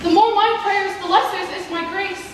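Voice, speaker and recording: A woman's voice: extremely high pitch, fairly even intonation, moderate pace, slight background noise. A teenage girl playing a lovelorn, self-pitying young noblewoman in a school stage play, pleading and wounded, recorded in an echoey hall from far off. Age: teens. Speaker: student actor.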